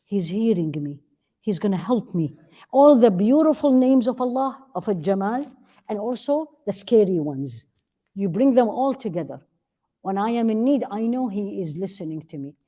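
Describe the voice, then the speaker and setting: Warm-voiced woman teaching a religious class. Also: medium pitch, expressive, moderate pace. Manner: earnest, asks rhetorical questions and answers them; repeats key phrases for emphasis. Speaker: Islamic teacher. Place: classroom with a live audience.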